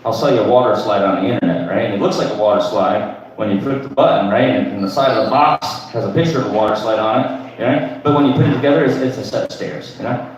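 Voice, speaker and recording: A man's voice: on the low side, quick pace. A man in his thirties doing crude, rambling open mic stand-up, tagging lines with "right?". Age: 30s. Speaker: stand-up comedian. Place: comedy club stage. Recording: echoey room from far off.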